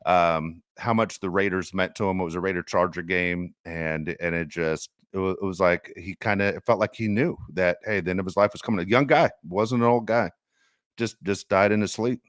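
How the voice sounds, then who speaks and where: Middle-aged guy hosting a sports podcast, really low voice, dry close mic. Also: fairly even intonation, normal speed, a bit bright, dry recording. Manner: earnest, reflective storytelling. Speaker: podcast host. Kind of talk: casual sports podcast chat.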